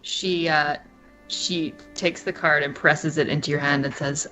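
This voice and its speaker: A woman narrating a tabletop game as game master, relaxed and full of fillers and hesitations. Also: low voice, measured pace, over music. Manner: relaxed, hesitant with many fillers, laughs easily.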